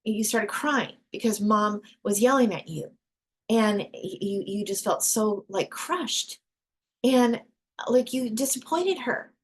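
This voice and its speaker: A woman's voice: mid-range voice, lively intonation, takes it slowly, slightly rough. A woman hosting a casual group discussion, talking earnestly and emphatically with frequent restarts. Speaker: discussion host.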